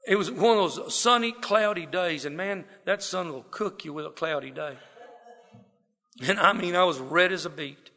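A middle-aged man from South Texas with a slightly high, gravelly voice and a Southern drawl. He tells his own life story in a folksy, self-deprecating way, slipping into quoted voices. His words ring with a long reverb, as if spoken in a large hall. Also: moderate pace, bright, forceful tone. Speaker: speaker sharing his recovery story. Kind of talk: personal storytelling talk.

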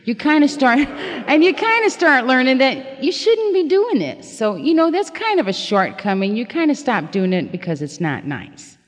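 A woman's voice: high-pitched, sing-song, normal speed, big-room sound. A middle-aged woman telling her own recovery story in a candid, self-mocking way, often laughing at herself. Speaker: recovery meeting speaker. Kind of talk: personal testimony talk.

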